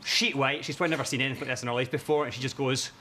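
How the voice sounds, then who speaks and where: A man from Glasgow, telling a story to a TV studio audience in a brisk deadpan way. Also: medium pitch, heavy background noise. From Glasgow, Scotland. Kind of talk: anecdote told to a TV audience.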